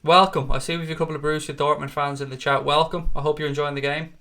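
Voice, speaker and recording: A man's voice: fairly high pitch, fast talker. A man hosting a live fan watchalong, calling the match play by play, swearing freely and chatting with viewers. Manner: excitable, sweary, rants at the referee; chats to viewers in the live chat.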